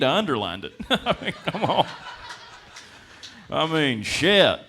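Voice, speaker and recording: A young man doing stand-up, his pitch swinging widely as he tells stories. His tone is bright and forward, with deadpan asides between bursts of squeaky character voices. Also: normal speed, a little hiss or hum. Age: 20s. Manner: deadpan storytelling with sudden high-pitched character voices and chuckles. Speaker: stand-up comedian. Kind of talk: stand-up comedy set. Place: comedy club stage.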